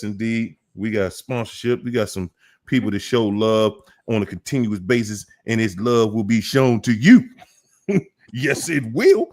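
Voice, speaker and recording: A man hosting a casual livestream, greeting chat viewers by name in an animated way, drawing out names and laughing often. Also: lowish voice. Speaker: livestream host.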